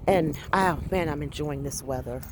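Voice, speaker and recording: A tired woman, ready for bed, chats casually in a rambling vlog from her parked car. Her voice is deep and crackly, at a moderate pace.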